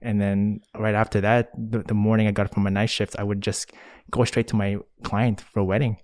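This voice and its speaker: A young man talking as a podcast guest in relaxed, rambling casual chat, often saying "man" and laughing. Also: fairly low pitch, moderate pace, dry recording.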